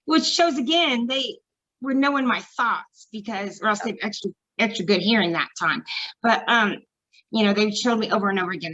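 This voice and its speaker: A woman guest on a casual podcast, telling her stories with excitement and frequent laughter. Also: mid-range voice, dull audio. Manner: excitable storyteller, laughs often. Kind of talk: casual chat.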